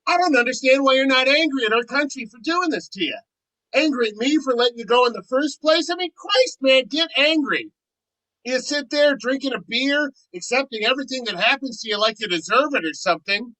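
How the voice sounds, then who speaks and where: An actor playing an earnest male friend who pleads with feeling, swinging between soft and loud, in an amateur virtual stage play. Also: extremely high pitch, animated, a little fast, dry recording, exaggerated voice, low-quality recording. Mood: pleading.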